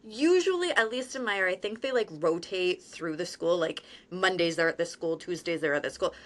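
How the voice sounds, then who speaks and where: A woman hosting a podcast in a casual interview, chatty, quick to laugh and self-deprecating. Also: fairly low pitch, animated. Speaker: podcast host.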